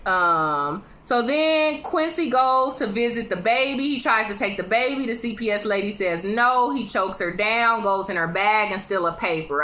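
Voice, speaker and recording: Bright-voiced woman recapping a TV episode. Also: medium pitch. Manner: chatty, conversational, acts out quoted lines; talks straight to viewers. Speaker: TV show reviewer. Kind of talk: casual episode recap vlog.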